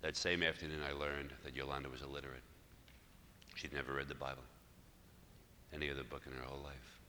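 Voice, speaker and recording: A man in his sixties, a Catholic priest, telling a story in a sermon, moving between loud emphatic passages and hushed near-whispers. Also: a bass voice, little pitch movement, brisk. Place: church hall. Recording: live church talk with long reverb and faint noise.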